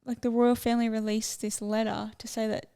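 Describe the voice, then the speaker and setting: Chatty young woman with gravelly fry. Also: on the high side, level tone, brisk, warm tone. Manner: chatty, rambling, easily sidetracked. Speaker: podcast co-host. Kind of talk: casual chat.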